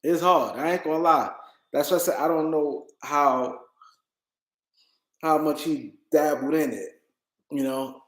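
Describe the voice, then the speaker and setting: A man's voice: fairly high pitch, unhurried, pauses often, a bit bright, reverberant, low-quality recording. A tired man hosting a casual livestream, rambling and repeating himself as he talks to his chat. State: tired, yawning. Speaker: livestream host.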